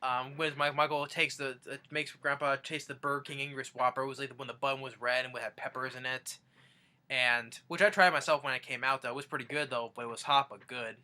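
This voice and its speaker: Rambling young man with a bright voice. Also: mid-range voice, fairly even intonation, brisk. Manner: rambling, restarts sentences often. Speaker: fan vlogger. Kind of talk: casual countdown retelling.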